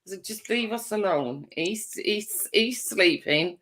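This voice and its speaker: A woman's voice: mid-range voice, animated, takes it slowly, fairly bright tone. A woman telling blunt, wry stories in casual chat.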